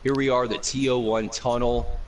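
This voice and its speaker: A man's voice: medium pitch, level tone, moderate pace. A man hosting a casual gaming discussion show, upbeat and talking straight to his guests and viewers. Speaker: show host. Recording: distant mic with faint noise.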